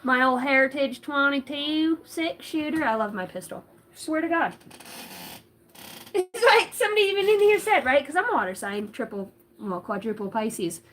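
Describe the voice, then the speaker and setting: A woman's voice: high-pitched, very animated, normal speed, soft background music. A woman doing a casual livestream tarot reading, giggly and rambling, cussing freely. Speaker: tarot reader.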